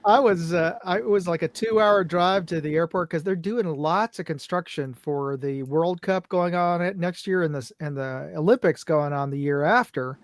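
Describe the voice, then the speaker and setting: A man's voice: on the high side, normal speed, hardly any pauses, no echo, studio quality. A man from California chatting as a guest on a livestream, laughing easily. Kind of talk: casual livestream chat.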